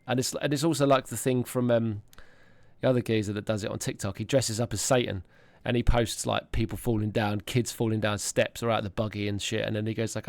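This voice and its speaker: This man in his thirties hosts a podcast over an online call, talking a little fast at medium pitch with no echo. His casual chat is full of rambling, sweary stories and frequent laughs.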